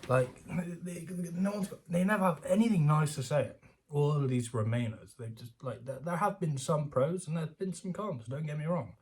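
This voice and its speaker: A British man with a husky, phlegmy voice, rambling and sarcastic as he reads an article aloud and rants about it, laughing often. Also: a little high, moderate pace. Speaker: commentator reading news aloud. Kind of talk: casual rant reacting to an article.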